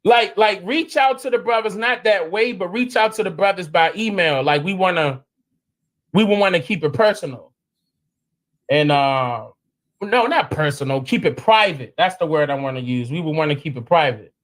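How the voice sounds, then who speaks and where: High-voiced animated male stream host. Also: normal speed. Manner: animated, slangy, jumps to high excited exclamations. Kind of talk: casual live stream chat.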